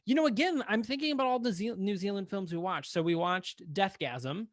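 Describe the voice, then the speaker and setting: Chatty man with a higher voice. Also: fairly quick, no room sound, clean studio sound. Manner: rambling, jokey, many fillers. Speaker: podcast co-host. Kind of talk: casual film podcast chat.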